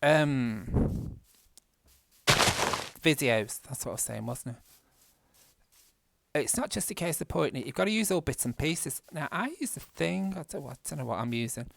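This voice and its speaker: A man's voice: on the high side, expressive, unhurried, creaky, pauses often, fairly bright tone, a little hiss or hum. A man with a Manchester accent chatting casually while playing a game at home, rambling, self-mocking and laughing often. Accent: Mancunian English. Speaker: gaming vlogger. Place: indoors at home.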